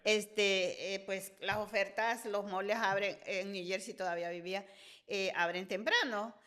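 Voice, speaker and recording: An older woman, the host's mother and a guest on the podcast, telling embarrassing stories in a lively, confessional way. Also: mid-range voice, moderate pace. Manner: animated, confessional anecdote telling. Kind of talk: casual storytelling chat.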